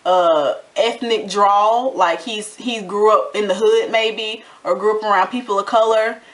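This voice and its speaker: A woman talks through a reality TV episode in a sassy, chatty way, now and then acting out lines from the people on the show. Her voice sits at a middle pitch. She sounds like a casual vlogger talking straight to her viewers. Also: unhurried. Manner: animated, sassy commentary with acted-out quotes. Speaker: TV recap vlogger.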